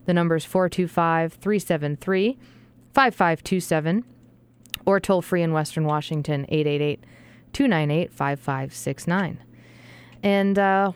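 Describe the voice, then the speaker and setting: A woman's voice: lowish voice, smooth. A woman hosting a talk radio show, friendly and chatty, with frequent fillers.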